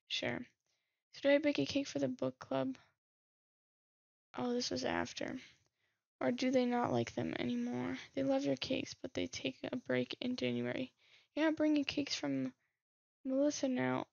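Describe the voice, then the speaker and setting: A woman with a high, gravelly, husky voice reads game messages aloud and chats about them as she plays. She speaks in a fairly flat tone, close to a dry, dull-sounding mic. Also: dry recording. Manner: reads messages aloud, muses and laughs at herself. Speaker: gaming streamer. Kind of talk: reading game text aloud with commentary.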